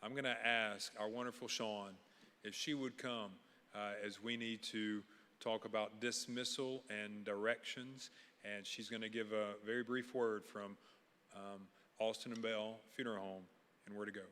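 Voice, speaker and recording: Bright-toned pastor preaching in a church. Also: male voice, on the low side, fairly even intonation. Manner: earnest, preacherly, measured pauses. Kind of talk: funeral sermon. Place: church sanctuary. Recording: reverberant church hall.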